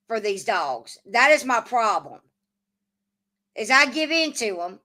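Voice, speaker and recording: A woman's voice: a little high, big pitch swings, slow, sharp tone. A woman hosting a casual livestream, swearing often and arguing back at her chat. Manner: profane, combative, answers chat. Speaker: livestream host.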